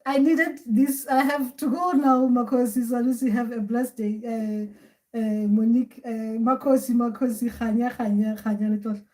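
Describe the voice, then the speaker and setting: A woman's voice: fairly high pitch, steady tone, moderate pace, mellow. A woman hosting a spiritual advice session, talking in a casual, rambling and repetitive way with many fillers. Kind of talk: casual livestream talk.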